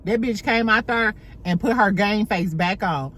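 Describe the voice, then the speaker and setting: A woman hosting a casual reality TV recap at home, animated and profane. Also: mid-range voice, a little slow, few pauses, slight background noise. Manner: animated, mimics cast members, profane. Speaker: podcast host recapping reality TV.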